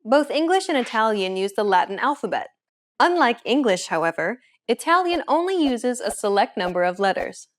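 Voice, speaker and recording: A woman's voice: a little high, moderate pace. Woman hosting a scripted language lesson. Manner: clear, even, instructive delivery.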